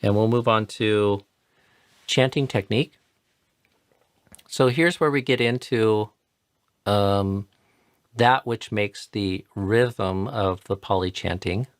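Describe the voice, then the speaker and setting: In a live chanting tutorial, a man with a lowish voice explains things patiently. He says words slowly and more than once to model their sounds. The recording has no echo.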